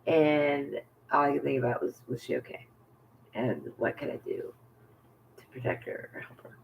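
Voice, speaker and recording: A man telling a personal story to camera in a halting, rambling way, full of fillers and restarts, often sinking to a near whisper. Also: mid-range voice, expressive, vocal fry, muffled recording, slight background noise. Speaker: vlogger.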